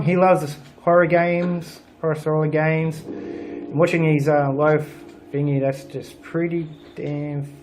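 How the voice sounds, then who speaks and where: A young man with a slightly high voice talks through a horror game from his home setup. He swears constantly and grumbles with dry sarcasm into a desk microphone. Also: a little hiss or hum. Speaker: gaming channel host. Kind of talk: let's play commentary.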